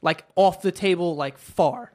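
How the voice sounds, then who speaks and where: A man's voice: high-pitched, measured pace. A man hosting a podcast, telling funny stories with lots of laughter and swearing. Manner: excited, laughing, profane storytelling. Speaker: podcast host. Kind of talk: casual chat, storytelling.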